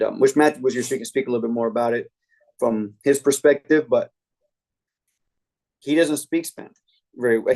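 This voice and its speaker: Man coaching a sales team. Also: medium pitch. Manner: energetic storytelling, acting out customer quotes. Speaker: sales trainer. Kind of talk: team training talk.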